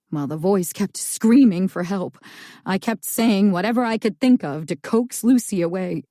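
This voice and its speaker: A woman narrating a first-person thriller audiobook in a slow, tense storytelling manner. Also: lowish voice, warm tone, dry recording, clean studio sound.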